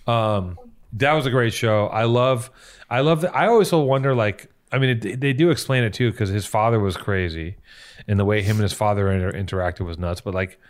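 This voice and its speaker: A man's voice: on the low side, a little fast. Sarcastic, profane podcast host man. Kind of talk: casual chat.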